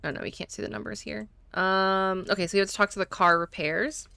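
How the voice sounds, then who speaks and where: A woman's voice: medium pitch, fairly even intonation, a little fast, gravelly, bright, forceful tone, clean tone, no echo. A woman streamer commenting casually to viewers while playing a game. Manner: chatty asides to viewers.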